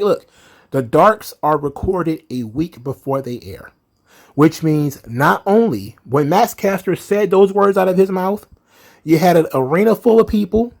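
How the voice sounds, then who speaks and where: A man's voice: high voice, vocal fry, darkish tone. A man giving an angry, profane commentary rant as a wrestling vlogger, heated and emphatic.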